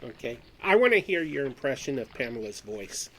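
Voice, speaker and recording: Man, game master, mid-pitched voice, rules explained step by step, faint hum. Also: big pitch swings, fairly quick. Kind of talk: narrating a tabletop game.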